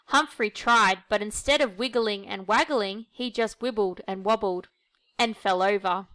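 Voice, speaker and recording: A woman reading a children's picture book aloud in a gentle, expressive way. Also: mid-range voice, unhurried. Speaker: storyteller.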